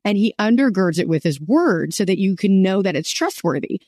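A woman's voice: mid-range voice, big pitch swings, fairly quick, a little mellow, no echo, studio quality. A woman hosting a faith interview, enthusiastic and teacherly, often affirming her guest. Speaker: podcast host.

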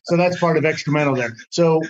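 A man's voice: a little high, fast talker, lo-fi sound, crowd noise. A man hosting a talk radio interview, joking with guests and recapping their points for listeners. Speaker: radio show host.

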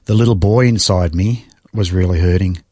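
A middle-aged man shares personal testimony as an interview guest, his low, mellow voice catching with emotion as he sighs and haltingly restarts. His storytelling is reflective, and the recording is dry and close, with no room sound.

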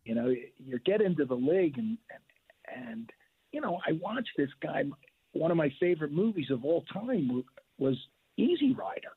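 A middle-aged man from Pennsylvania tells a story with a very raspy, gravelly voice that jumps up and down. He is animated and keeps restarting. He sits fairly high for a man and comes through a tinny phone line. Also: normal speed. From Delaware County, Pennsylvania. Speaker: longtime basketball referee, guest.

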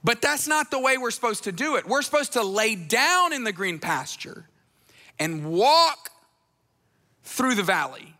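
Male pastor, conversational sermon delivery, high and bright, reverberant large hall. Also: sing-song, unhurried. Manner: conversational, acts out voices in retellings.

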